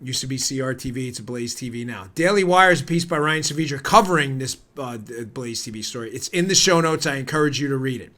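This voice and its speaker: A man's voice: medium pitch, expressive, fast, few pauses, bright, forceful tone. Heated, sarcastic male podcast host. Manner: heated and sarcastic, talks straight to his audience. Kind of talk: political commentary.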